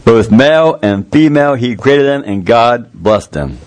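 A man preaching a sermon in a folksy, earnest way, jumping up in pitch to stress a point. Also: animated, a little mellow. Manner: folksy, earnest, with quick rises in pitch for emphasis.

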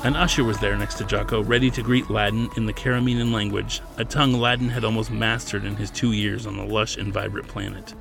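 Gravelly male audiobook narrator. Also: fairly low pitch, fairly quick, few pauses, over music. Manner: steady storytelling, plays character lines lightly. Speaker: author and podcast narrator.

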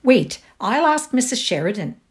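A woman's voice: fairly high pitch, very animated, normal speed, voice pushed up. Woman playing a careless young housemaid, offhand, storybook reading.

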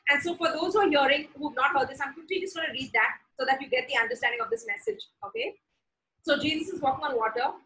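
A woman's voice: high-pitched, animated, quick pace, bright, forceful tone, reverberant, rough recording. A woman preaching a sermon. She reads scripture aloud, explains it, checks in with "okay?" and repeats declarations for listeners to say back. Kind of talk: sermon teaching.

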